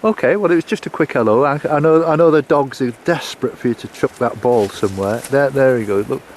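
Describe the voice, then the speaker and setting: A man's voice: mid-range voice, quick pace, slight background noise. A man walking a coastal path and chatting to the camera, hesitant, with many fillers and restarts. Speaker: walking vlogger. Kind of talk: casual chat to camera.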